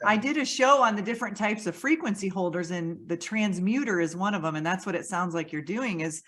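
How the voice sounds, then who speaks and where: A woman's voice: medium pitch, fairly bright tone. Encouraging woman podcast host. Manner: encouraging, quick affirmations. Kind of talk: casual interview chat.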